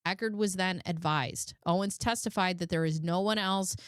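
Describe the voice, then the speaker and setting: A woman's voice: lowish voice, normal speed, clear, resonant tone, no echo, studio quality. A woman hosting a live stream, reading out court records with sarcastic asides. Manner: sarcastic asides, laughs at her own jokes. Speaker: live commentary host.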